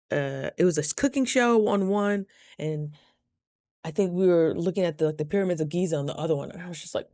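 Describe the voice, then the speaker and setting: A woman in her thirties telling a story in a chatty, animated way, acting out her own quotes in a higher voice. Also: dry recording, clean studio sound. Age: 30s. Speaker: vlogger. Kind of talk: casual storytelling. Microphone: studio mic.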